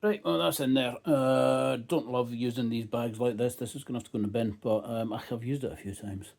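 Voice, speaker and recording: A man's voice: medium pitch, brisk, creaky, a little mellow. A Scottish man narrating his home cooking in a laid-back, casual way, with frequent fillers and swearing. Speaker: home cook and channel host.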